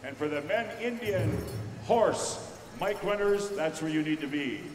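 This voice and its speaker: A man working as pow wow announcer, briskly giving instructions to drum groups and judges over a microphone in a large indoor arena. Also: a little high, expressive, a little hiss or hum. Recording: echoey arena PA from far off.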